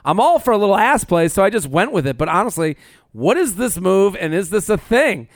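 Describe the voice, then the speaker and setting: A man's voice: sits high, sing-song, a little fast, no echo, clean studio sound. A man from the US Northeast co-hosting a comedy chat show, joking and laughing often as he reads out a listener letter. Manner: joking, laughs often, playful voices when quoting. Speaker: podcast co-host.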